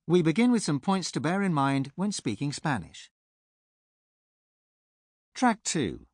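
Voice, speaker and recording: Guy presenting a spanish pronunciation course, animated voice, dry close mic. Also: fairly high pitch, no echo. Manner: clear, measured teacher's delivery. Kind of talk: scripted instructional narration. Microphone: close studio mic.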